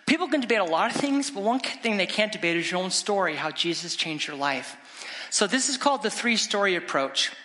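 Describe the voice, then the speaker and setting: A middle-aged man, a guest evangelist, preaching an animated, exclamatory storytelling sermon in a church sanctuary. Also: sits high. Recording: long church reverb.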